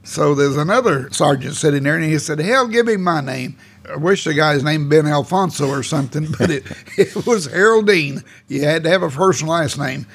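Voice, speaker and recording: An old man in his eighties, his voice gravelly and a little husky, and pitched fairly high for a man. He rambles through his life story in a folksy, plainspoken way, with the odd mild curse. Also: brisk, hardly any pauses. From Oklahoma. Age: 80s. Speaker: oral history interviewee. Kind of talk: casual storytelling reminiscence.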